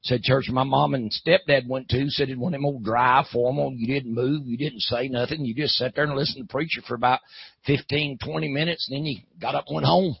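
A man's voice: mid-range voice, steady tone, brisk, no room sound. A man preaching a folksy sermon, telling a story that climbs to hollering. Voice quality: gravelly, husky. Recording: dull, lo-fi.

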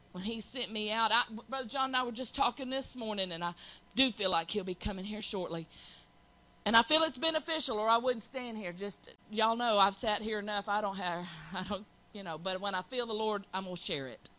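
Middle-aged woman testifying in church, earnest storyteller, bright higher voice. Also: low-quality recording. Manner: earnest, storytelling, Southern colloquial.

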